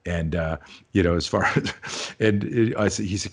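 A man's voice: low voice, normal speed, slightly rough. A man who teaches self-defense, a guest on an interview show, telling stories in a rambling, casual way with frequent restarts and free swearing.

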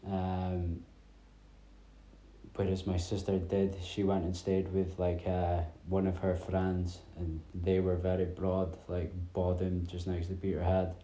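A man in his thirties from north-east Scotland rambles through a chatty solo podcast, dropping his T sounds. His voice is low, dark and mellow, and it stays fairly level in pitch. The sound carries an echoey room around it. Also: monotone, slow pace. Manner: rambling, chatty storytelling with many fillers. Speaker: podcast host. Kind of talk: casual solo podcast chat.

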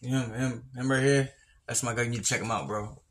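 A man's voice: medium pitch, brisk. Emphatic man, faint background hiss. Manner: animated, emphatic, repeats himself. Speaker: podcast co-host. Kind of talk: casual chat.

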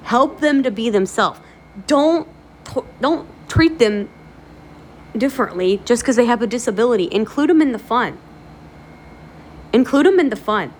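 A woman's voice: fairly high pitch, moderate pace, pauses often, a little hiss or hum. A woman hosting a motivational video series, talking casually to the camera in a chatty, encouraging way with lots of fillers. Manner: chatty, animated storytelling with many fillers.

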